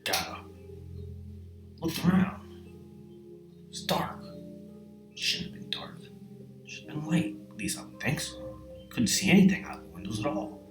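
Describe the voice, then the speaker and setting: A man telling a comedic horror tale, profane and exasperated, dropping to hushed whispers and then bursting into shouts. His delivery is slow with a lively, swooping pitch. The recording is roomy and a bit distant, with music underneath. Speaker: storyteller. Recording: echoey room, distant mic, music behind.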